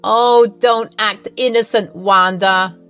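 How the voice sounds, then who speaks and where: A woman's voice: mid-range voice, steady tone, takes it slowly, fairly bright tone, smooth, soft background music, voice pushed up. A woman voicing a scheming older mother-in-law who gloats smugly. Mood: gloating. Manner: smug, gloating.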